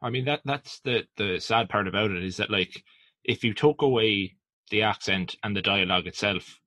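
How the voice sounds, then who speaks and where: Low-voiced man, hedging podcast chat. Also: sharp tone, no echo. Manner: hedging, filler-heavy, measured. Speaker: podcast co-host. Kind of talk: casual film review chat.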